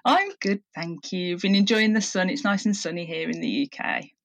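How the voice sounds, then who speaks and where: A woman's voice: fairly low pitch, normal speed, fairly bright tone, rough recording. A woman from Birmingham with a Birmingham accent, guest-hosting a casual chat and laughing often. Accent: Birmingham English. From England. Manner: giggly, chatty, laughs often. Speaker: guest host.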